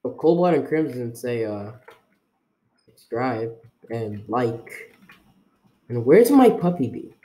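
A man's voice: mid-range voice, big pitch swings, normal speed, few pauses, mellow. A young man giving rambling, jokey gameplay commentary to his viewers while putting on an unplaced accent for fun. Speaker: gaming video creator.

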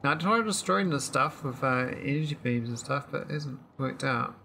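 A man's voice: mid-range voice, lively intonation, moderate pace, creaky, pushed and bright, a little hiss or hum. A man casually commentating his own gameplay, thinking aloud with lots of fillers and restarts. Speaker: gameplay streamer. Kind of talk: casual let's-play commentary.

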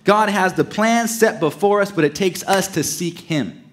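A man delivering a sermon as pastor, emphatic, swinging from raised to hushed and stretching key words slowly. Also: high-pitched.

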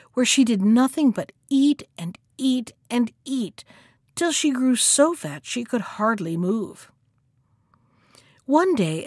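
A woman with a fairly high voice reads a folktale aloud in a measured, clear way. The sound is close and dry, with no room around it. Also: a little mellow, dry recording. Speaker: library storyteller. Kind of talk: storybook read-aloud narration.

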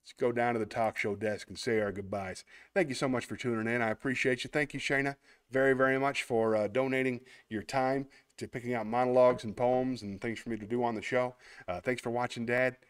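A man's voice: medium pitch, steady tone, a little fast, smooth. A man hosting a casual online show, chatting as he plays a word game, thinking aloud and poking fun at himself, then thanking his viewers sincerely. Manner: chatty, self-mocking, thinks aloud while playing. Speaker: host. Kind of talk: casual livestream chat while playing a word game; warm heartfelt sign-off to viewers.

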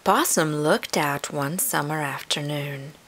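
A woman reading a picture book aloud to children in an expressive storytelling manner. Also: deep voice, slow pace. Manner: warm, expressive read-aloud delivery.

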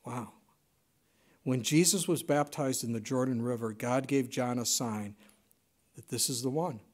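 A pastor delivers a sermon in an unhurried, mid-range voice, swinging between loud, emphatic lines and hushed, almost whispered ones.

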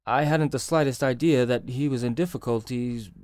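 A man reading as a husky, nervous bank clerk. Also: mid-range voice, normal speed, a little mellow, pitched above the performer's own voice, natural voice. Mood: distressed. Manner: anxious, hesitant. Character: nervous male bank clerk, agitated, pleading. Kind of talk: audiobook character reading.

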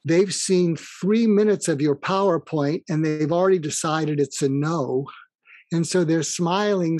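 A man's voice: on the high side, a little mellow, dry recording. A man being interviewed as a guest author, explaining his advice through anecdotes and acted-out dialogue. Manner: explains through stories, acting out quoted dialogue.

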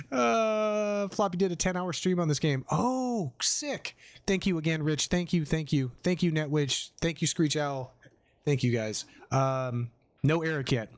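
A man's voice: on the high side, moderate pace, no room sound. Middle-aged man chatting while streaming. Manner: chatty, swears, yelps at jump scares. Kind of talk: casual live gameplay commentary.

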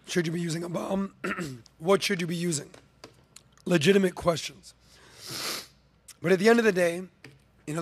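Podcast host: man, higher voice, dry close sound, emphatic and repetitive, clears his throat often. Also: no echo. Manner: emphatic, rhetorical questions, repetitive lists. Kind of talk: opinion commentary, talking to camera and co-host.

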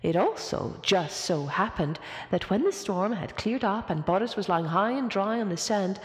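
A woman reads a children's storybook aloud, lively and expressive, in a middle-pitched voice. The room is roomy and echoing, with a long reverb trailing each phrase. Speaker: storybook reader. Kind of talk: reading a picture book aloud.

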